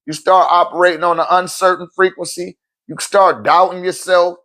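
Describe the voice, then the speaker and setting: A man's voice: sits high, level tone, normal speed, a bit bright. A man who is a spiritual teacher and event host, giving a casual motivational talk, cursing freely, laughing often and restarting phrases as he goes. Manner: profane, emphatic, laughs often; repeats words while restarting phrases.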